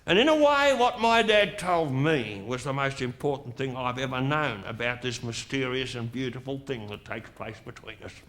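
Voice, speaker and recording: A man's voice: mid-range voice, normal speed, few pauses, a bit bright, natural voice. A man playing a boozy, crude, pompous middle-aged Australian dignitary with an Australian accent. He delivers a bawdy, mock-sentimental live comic monologue with bluster. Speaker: stand-up comedian in character. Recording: live stage with audience noise.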